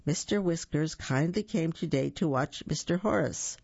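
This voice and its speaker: An eager, quick-witted young girl from a storybook, as a reader puts her on, pitched up and urgent. The voice keeps a gravelly edge and sounds dull and lo-fi. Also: a little mellow, no room sound. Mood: earnest.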